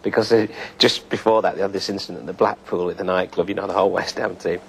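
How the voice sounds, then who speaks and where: An older man, a former footballer, telling stories in a relaxed interview style, with many fillers. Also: deep voice, fast, gravelly, a little hiss or hum, low-quality recording. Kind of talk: reminiscing interview.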